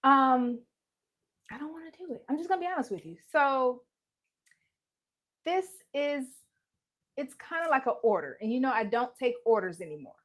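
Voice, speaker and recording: High-pitched and expressive, her fairly bright voice moves at normal speed with long pauses. Streaming embroidery from home through a live-streaming mic, she keeps it chatty and joking, laughing a lot and welcoming viewers by name.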